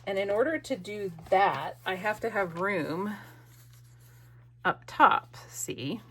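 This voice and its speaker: Speaking slowly in a mid-range voice that's a bit bright, this middle-aged craft-video host has a lively intonation. Her narration is casual and chatty, full of playful jokes at her own expense as she works on her project.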